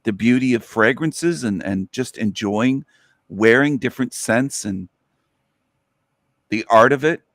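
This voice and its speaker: A man's voice: medium pitch, measured pace, long pauses, fairly bright tone, no echo. A man hosting a solo podcast, ranting with sarcasm and repeating phrases for emphasis. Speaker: host.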